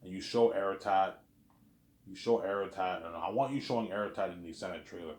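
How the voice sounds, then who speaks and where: A man's voice: deep voice, brisk, darkish tone, reverberant, a little hiss or hum. A man talking to his own camera in a long, rambling monologue, boastful and repetitive, swearing often. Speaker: vlogger. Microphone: camera he sets up himself.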